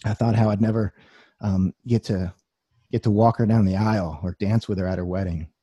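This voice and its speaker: A man's voice: fairly low pitch, fairly even intonation, fairly quick, dark tone, husky, no room sound, highs cut off. A young man giving a personal testimony talk, telling his story earnestly with wry humor.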